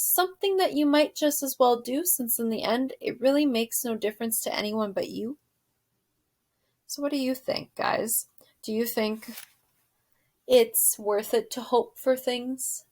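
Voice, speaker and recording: A woman teacher with a fairly high voice reads a children's novel aloud with expressive storytelling. She stops now and then to put questions to her students. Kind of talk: reading a novel aloud to a class.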